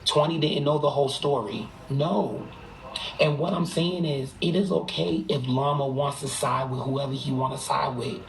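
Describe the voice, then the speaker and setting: A live streamer chats into a phone from a room at home, rattling off gossip in a quick, emphatic and profane way. The pitch sits in a middling range for the speaker. A faint hiss hangs behind the voice. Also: poor audio. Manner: rapid, emphatic and profane, hushed at times. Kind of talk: gossipy livestream chat.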